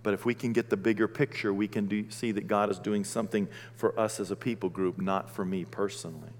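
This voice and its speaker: A man preaching a sermon, animated, swinging between loud outbursts and hushed, gentle talk. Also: fairly low pitch, a little fast, long reverb tail.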